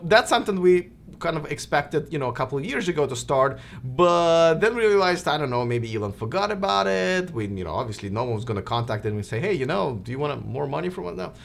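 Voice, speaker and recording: A man's voice: fairly high pitch, lively intonation, brisk, slight background noise. Chatty man with a Russian accent. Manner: chatty, many fillers and restarts. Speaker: host of a live stream show. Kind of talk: casual live-stream chat.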